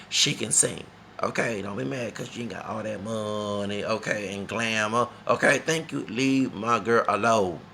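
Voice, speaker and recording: A man's voice: on the low side, vocal fry, bright, forceful tone, a little hiss or hum. A man from Texas, talking in a rambling, emphatic casual monologue that repeats itself and slips into Spanish phrases. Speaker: vlogger.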